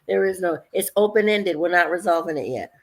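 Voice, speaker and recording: A woman's voice: fairly low pitch, animated, fairly quick, creaky. A woman co-hosting a casual livestream, joking around and answering questions in short lists.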